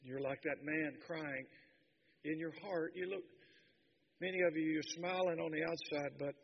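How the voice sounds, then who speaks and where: A man preaching a sermon with passion, dropping to a hush and then building to shouts. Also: a little high, steady tone, normal speed, vocal fry, slightly rough, dull audio. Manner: impassioned, swinging from hushed to shouting.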